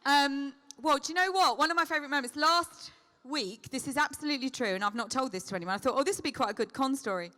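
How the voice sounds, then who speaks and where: A middle-aged woman answering fan questions at a convention, chatty and quick to call people darling while telling lively anecdotes. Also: high-pitched. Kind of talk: convention Q&A storytelling.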